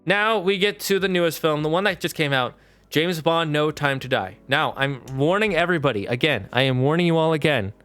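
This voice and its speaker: A man streaming live, chatting casually as he recaps a film in a rambling, animated way with lots of fillers. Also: on the high side, brisk, smooth, no room sound.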